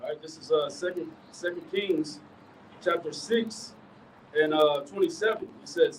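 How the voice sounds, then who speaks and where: A man reading scripture aloud and preaching. He reads haltingly with fillers and punctuates his points with "man, all right?". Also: fairly high pitch. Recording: distant mic with faint outdoor noise.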